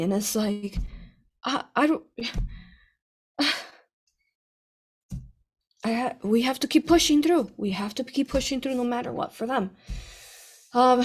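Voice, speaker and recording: A woman author talking casually to her audience, excitable and full of fillers and restarts, jumping between loud outbursts and hushed asides. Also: medium pitch. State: tearful at moments. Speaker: author answering readers' questions. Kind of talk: casual unscripted monologue.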